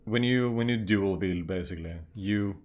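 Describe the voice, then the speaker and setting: A man's voice: fairly low pitch, normal speed, darkish tone. A man chatting casually as a player at a tabletop game, rambling and correcting himself.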